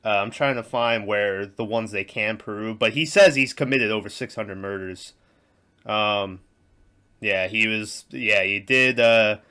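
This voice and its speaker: A man's voice: on the low side, bright, forceful tone, clear, resonant tone. A man co-hosting a casual movie podcast, rambling crudely and acting out scenes in silly voices. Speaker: podcast co-host.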